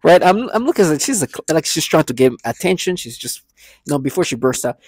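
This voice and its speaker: A man's voice: a little high, sing-song, a little fast, dry recording, clean studio sound. A man ranting in a vlog monologue, agitated and scornful, repeating himself often. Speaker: vlogger.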